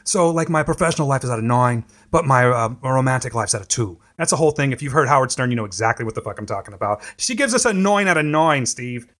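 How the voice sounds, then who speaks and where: A man's voice: medium pitch, very fast, hardly any pauses, a bit bright. A man hosting a podcast in casual chat, loose, rambling and profane. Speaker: podcast host.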